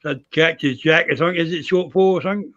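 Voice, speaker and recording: An English man being interviewed as a guest over a video call, good-humoured and gravelly, chuckling often. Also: fairly high pitch, quick pace, fairly bright tone, highs cut off. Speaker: interview guest, wrestler and promoter. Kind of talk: casual interview chat.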